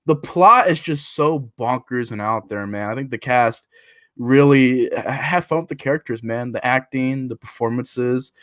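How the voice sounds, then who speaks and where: A man co-hosting a casual movie chat, animated, acting out scenes and laughing at bad dialogue. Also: normal speed, no room sound, studio quality. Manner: animated, acts out scenes in jumpy higher voices.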